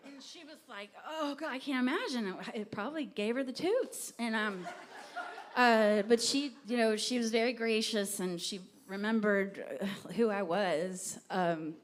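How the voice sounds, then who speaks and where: A woman's voice: medium pitch, measured pace. A woman singer from Texas chatting with a live audience between songs, rambling and self-deprecating as she tells a story. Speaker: singer-songwriter performing live. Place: live music venue with audience.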